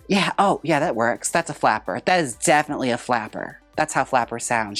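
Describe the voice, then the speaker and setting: Sassy low-voiced woman hairstylist host. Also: lively intonation, fairly quick, hardly any pauses, soft background music. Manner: chatty, sassy, frequent "like" fillers. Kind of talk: casual styling vlog chat.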